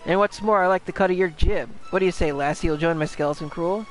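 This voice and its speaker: Rowdy skeleton pirate, gruff sailor slang, pitched up, put-on British pirate accent, done by a man reading game lines. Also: quick pace, soft background music, close to an everyday voice, rough recording. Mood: mock menacing. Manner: gruff, rough sailor slang, teasing threats. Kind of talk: reading game dialogue aloud in voices.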